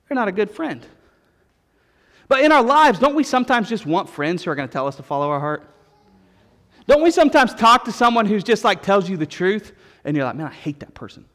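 A male pastor preaching a sermon, telling stories with repeated refrains in an animated way. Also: extremely high pitch. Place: church sanctuary. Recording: long reverb of a church hall.

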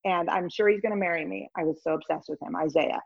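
A woman in an interview, pitched a little low, telling stories with animation and briefly acting out the people in them. The sound is dry and somewhat dull, like lo-fi audio. She speaks in a conversational tone. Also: fast talker, gravelly, breathy edge, dry recording. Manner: animated storyteller, acts out voices in anecdotes. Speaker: guest, communication consultant.

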